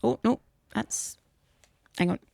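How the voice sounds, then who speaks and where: A woman's voice: takes it slowly, darkish tone, no echo. A young woman casually commenting as she plays a video game, chatty and easily flustered, laughing often. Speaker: gaming streamer.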